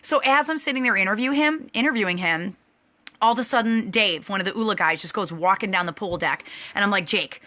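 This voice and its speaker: Bright-toned woman host, thirties, bubbly chatty storyteller who laughs easily. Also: mid-range voice, brisk. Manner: bubbly, rambling, laughs often. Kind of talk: casual storytelling to an online class.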